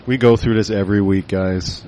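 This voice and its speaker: A man's voice: fairly low pitch, steady tone, normal speed, a little mellow, slight background noise. A man co-hosting a podcast, recapping scenes in a dry, wry way during casual banter. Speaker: podcast co-host. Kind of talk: casual banter among friends.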